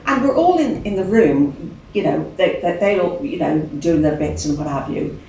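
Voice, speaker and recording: The older English singer with a Birmingham accent talks at normal speed in a lowish voice with vocal fry, with slight background noise. In this casual storytelling interview she's animated and chatty, laughs often and voices other characters. She's recorded on a distant mic in an echoey venue room.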